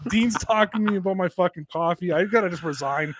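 A man telling stories as a podcast guest in casual chat, animated, swearing often and laughing a lot. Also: high-pitched, quick pace, slight background noise.

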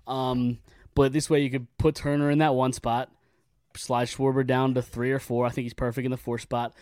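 A man's voice: medium pitch, flat delivery, moderate pace, a little mellow, clean tone, dry recording, studio quality. A man guesting on a sports podcast, talking casually and at length, often repeating words as he starts a thought.

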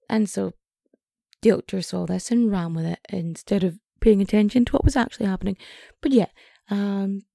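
A woman hosting a comedic podcast, chatting in rambling asides with lots of fillers, her voice getting hoarse. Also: mid-range voice, warm tone, dry recording, studio quality. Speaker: podcast host. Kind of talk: casual comedic storytelling.

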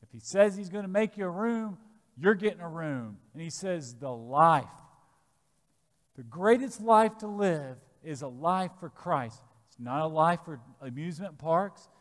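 A man preaching a sermon, slow and emphatic, with sudden loud stresses. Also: fairly high pitch, lively intonation, long reverb tail. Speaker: pastor.

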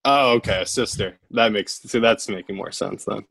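A man's voice: fairly low pitch, moderate pace, gravelly, a bit bright, dry recording. A man with a Philadelphia accent co-hosting a sports betting chat, confident and teasing. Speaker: podcast co-host.

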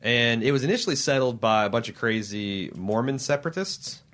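A man's voice: medium pitch, expressive, fairly quick, fairly bright tone. A man in a casual film chat, speaking wryly and critically with frequent restarts and asides.

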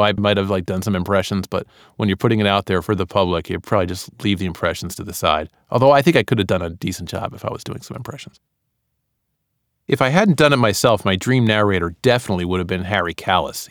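A man's voice: fairly low pitch, no echo, studio quality. A man, an author and part-time radio analyst, talking casually and loosely about recording his audiobook, with plenty of "you know" fillers.

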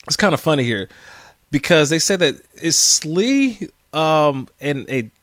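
A man co-hosting a casual chat show, lively and quick to laugh, repeating words as he thinks aloud. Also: on the high side, dry recording, studio quality. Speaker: co-host reading listener questions.

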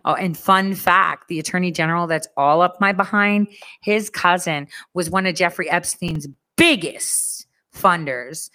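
A woman with a slightly low voice tells a story in an animated, sarcastic rant. She swears freely and acts out what the people around her said. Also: unhurried.

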